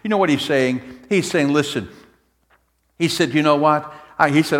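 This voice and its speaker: Man pastor preaching, goes loud and fired up then soft and gentle, mid pitch, big reverby church sound. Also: expressive, a little fast. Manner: swings from loud fervent preaching to hushed tender tones. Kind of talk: sermon.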